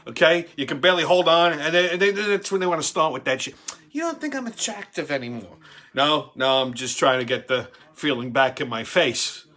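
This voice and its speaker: Brash new guy in his 40s, cussing through a funny story, bright punchy voice. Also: on the high side. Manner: brash, crude, swears constantly, acts out quotes. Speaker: show host. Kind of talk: profane comedic storytelling monologue.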